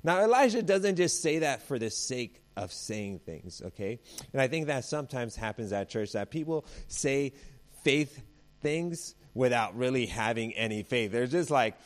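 A man's voice: medium pitch, big pitch swings, moderate pace. A male pastor preaching a sermon in a conversational way. He weaves family anecdotes into scripture and acts out the voices he quotes.

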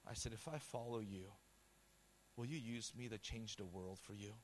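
A man preaching a sermon, telling a personal testimony with quoted dialogue in a passionate, loud style. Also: fairly low pitch, moderate pace, a little hiss or hum. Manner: storytelling with quoted dialogue, repeated words.

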